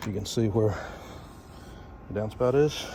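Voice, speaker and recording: A man's voice: on the low side, a little slow, vocal fry, dark tone, a little hiss or hum. Man explaining a gutter repair. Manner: plain, explanatory, with frequent "uh" fillers. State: a little out of breath. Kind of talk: casual on-the-job walkthrough. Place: outdoors at a house.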